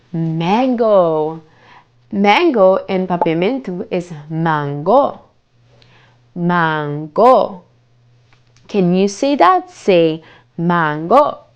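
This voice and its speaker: A woman teaching fruit names to young children, repeating each word slowly and prompting them to say it back. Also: medium pitch, clean tone, highs cut off. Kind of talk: slow, sing-song kids' lesson.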